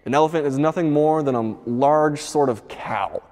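A man voicing a slow, stubborn blind man who speaks low and plodding. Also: a little mellow, long reverb tail, lightly acted.

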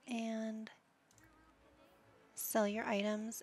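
Slow, gravelly woman chatting through a game. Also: mid-range voice. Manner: chatty, musing to herself, drops to a whisper at times. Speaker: gaming channel host. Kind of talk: casual gameplay commentary.

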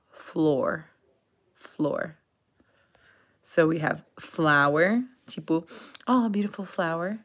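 Slow-talking gravelly woman teacher. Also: sits low, fairly bright tone. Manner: reads viewer questions aloud and answers them, switching into Portuguese to explain; laughs often, repeats words slowly for pronunciation. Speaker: English teacher reading live-stream chat. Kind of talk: casual live-stream lesson.

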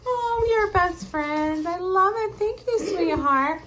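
A woman's voice: very high voice, lively intonation, a little slow, over a noisy crowd, rough recording. A mother in a casual family vlog, doting and playful, cooing praise at her young child at home.

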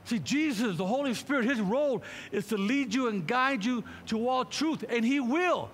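A man's voice: very high voice, animated, moderate pace, few pauses, in a large hall, slight background noise. A man pastor preaching a sermon, fervent and full of repeated rhetorical questions.

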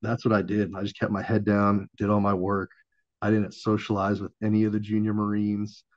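Guy in his 30s telling war stories, lowish voice, dull lo-fi sound, swears a lot. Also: monotone, a little fast, dry recording. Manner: profane, laid-back anecdotal delivery. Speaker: podcast guest, former Marine. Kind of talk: casual storytelling. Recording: dull lo-fi audio.

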